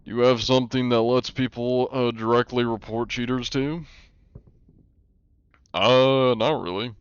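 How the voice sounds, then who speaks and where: A young man streaming a game live, chatting in a relaxed way and answering his chat while he plays. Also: medium pitch, unhurried, smooth, no room sound, highs cut off.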